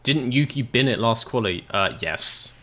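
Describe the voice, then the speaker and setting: A man's voice: mid-range voice, expressive, unhurried, bright, forceful tone. A British man streaming a game, chatting casually with viewers, laughing often. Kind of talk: casual livestream chat.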